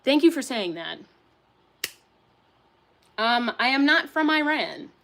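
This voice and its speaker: A woman's voice: sits high, very animated, slow pace, pushed and bright. A young woman casually chatting on a livestream, reading out and answering chat, candid, swearing and laughing often.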